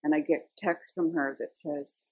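An older woman with a husky, breathy, fairly low voice shares a rambling personal faith testimony, stopping often on little fillers. The recording is dry and a bit dull, like a modest lo-fi setup. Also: steady tone, a little slow, no room sound. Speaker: Bible study teacher.

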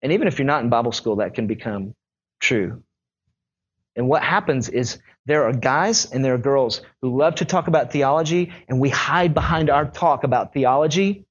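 A young male pastor preaching a sermon in a conversational, animated storytelling way. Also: mid-range voice, moderate pace, husky, dull audio.

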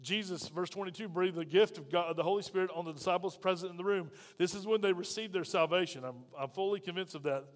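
High-voiced preacher with long echo. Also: male voice, fast, few pauses. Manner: emphatic, with frequent rhetorical questions to the congregation. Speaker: pastor. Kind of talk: sermon. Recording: long reverb of a large hall.

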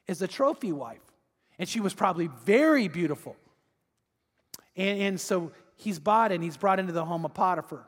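Pastor guy preaching, fairly high voice, lots of echo, gets animated acting out the story. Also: normal speed. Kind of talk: sermon.

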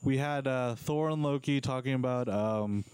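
A man hosting a relaxed casual chat, rambling with lots of fillers and restarts. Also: mid-range voice, moderate pace, clean tone, no room sound. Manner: chatty, rambling, frequent fillers.

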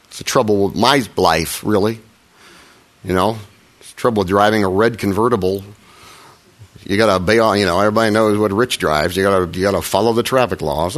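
A man's voice: fairly low pitch, lively intonation, brisk, fairly bright tone. A middle-aged man preaching a sermon as a pastor, talking in a conversational, self-deprecating way with frequent restarts and little acted quotes.

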